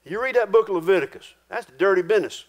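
A man with a fairly high voice preaching to his congregation. His talk is folksy and homespun, full of rural turns of phrase, and he sinks his voice low and quiet for the weighty points. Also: lively intonation, quick pace. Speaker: pastor. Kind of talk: sermon.

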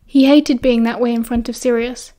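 A woman with a British accent narrating an audiobook in a calm, even storytelling manner. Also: a little high, normal speed.

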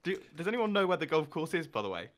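A man's voice: a little high, sing-song, fast. A man in casual gaming chat, playful and giggly, rambling as he talks. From Britain.

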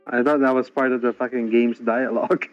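A man's voice: mid-range voice, little pitch movement, a little fast, dull audio. A man joking alongside a gameplay recording, teasing and swearing freely. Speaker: co-commentator. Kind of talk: casual gameplay banter. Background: game music.

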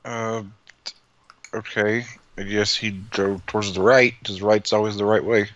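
A man's voice: on the low side, little pitch movement, a little slow, fairly bright tone, lo-fi sound. A man playing in a tabletop game, casual, joking and profane. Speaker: player.

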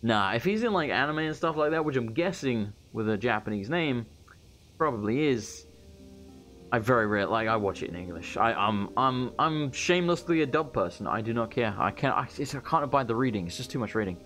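A man's voice: mid-range voice, fairly quick, faint music behind. A man with an Australian accent giving casual, joking let's play commentary while playing a video game. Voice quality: animated, joking, rambling. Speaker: gaming YouTuber.

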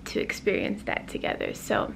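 A woman's voice: moderate pace, slight background noise. A woman talking casually to the camera as a travel vlogger, upbeat and chatty, recorded in a car and then outdoors. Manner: chatty, upbeat, frequent "like" fillers. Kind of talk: casual vlog narration to camera.

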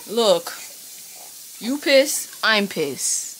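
A young woman chats with her viewers in a relaxed vlog, calling them y'all and telling them what she's up to. Her voice sits at an everyday middle pitch. Street and car noise runs clearly behind her. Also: a little slow. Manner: chatty, addresses viewers as y'all. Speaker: lifestyle vlogger. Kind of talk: casual vlog narration to viewers. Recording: noisy outdoor and car background.

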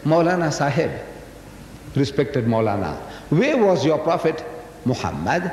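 Play a pushy, goading preacher, as an old lecturer puts him on: raise the pitch, press every question, let it swing up and down. The voice rings out through a big, reverberant hall, with a faint hiss under it. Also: male voice, sing-song, measured pace, darkish tone. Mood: taunting. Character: pushy, taunting male Christian preacher. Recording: echoey hall, faint noise.

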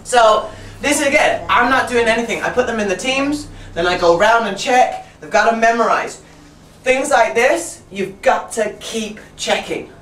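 A woman's voice: a little high, lively intonation, normal speed, a bit bright. A woman training teachers in a casual workshop talk. She laughs often and mimics her pupils' voices as she explains. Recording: roomy sound from a distant mic, faint room noise.

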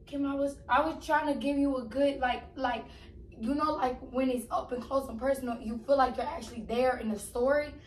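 Woman vlogger, high voice, playful, teasing, hushed spooky storytelling, casual prank video. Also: fairly even intonation, brisk, roomy sound, a little hiss or hum, rough recording. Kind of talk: casual prank vlog chat.

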